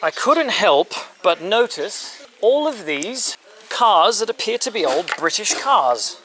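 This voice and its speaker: A man with a fairly high voice chats his way through a travel vlog, upbeat and easygoing, slowing down and keeping his words simple when he talks to locals. He is recorded outdoors on a handheld camera mic. Steady street noise and passing vehicles sit loudly behind him. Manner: upbeat, chatty, speaks slowly and simply to locals. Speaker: travel vlogger. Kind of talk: casual travel vlog chat. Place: outdoors at a street-side car yard.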